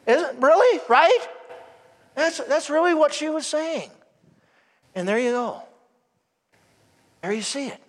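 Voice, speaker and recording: High-voiced priest preaching in a church. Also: male voice, expressive, takes it slowly, long pauses, a bit bright. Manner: emphatic, asks the congregation rhetorical questions. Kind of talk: sermon. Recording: long church reverb.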